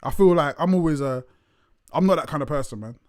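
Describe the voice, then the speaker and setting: A chatty man, relaxed and quick to laugh, swears freely in casual podcast banter. His voice is slightly high, and the sound is close and dry. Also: no room sound. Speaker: podcast co-host. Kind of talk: casual chat.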